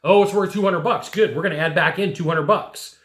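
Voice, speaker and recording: A man giving an animated sales coaching talk, speaking straight to the listener and often checking in with "right?". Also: sits high, fairly quick. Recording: echoey room.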